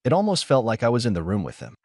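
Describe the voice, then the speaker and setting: A man narrating a first-person story in a steady, measured way. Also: medium pitch, no room sound, clean studio sound.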